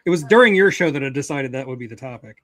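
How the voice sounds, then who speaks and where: Lively, laughing man hosting a chat. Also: medium pitch, fast, no echo, clean studio sound. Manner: laughs often, animated. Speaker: podcast host. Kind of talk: casual chat.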